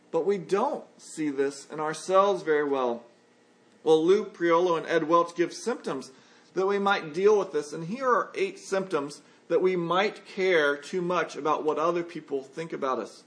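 A man preaching a sermon as pastor, earnest and conversational, working through points with lively everyday examples. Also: fairly high pitch, a little slow.

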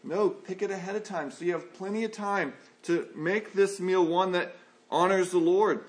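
A man's voice: high-pitched, steady tone, normal speed. A man preaching a sermon, reading scripture aloud and then explaining it in a folksy, conversational way.

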